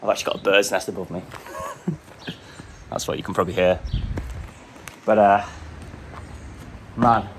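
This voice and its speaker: A man narrating a travel vlog and talking to camera while hiking outdoors, in a relaxed, chatty and enthusiastic way. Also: lowish voice, measured pace, pauses often, slight background noise. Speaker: hiking vlogger. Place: outdoors on a coastal hike.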